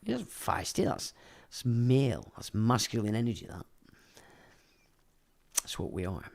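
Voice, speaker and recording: A man's voice: lowish voice, very animated, a little slow, vocal fry, a little mellow. A man, hosting a casual livestream, reading viewer comments and ranting crudely with a lot of swearing. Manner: laughs while talking. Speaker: livestream host.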